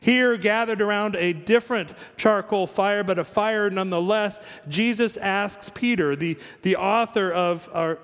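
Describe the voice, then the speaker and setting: High-voiced pastor in an echoing church. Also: male voice, a little slow, few pauses, a bit bright. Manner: conversational storytelling with asides and small jokes. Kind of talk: sermon.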